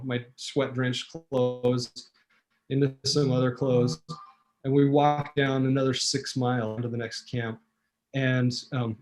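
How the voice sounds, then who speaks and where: A man telling a vivid personal story as a talk show guest, acting out quotes, with fillers and restarts. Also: medium pitch. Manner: animated storyteller, acts out quotes.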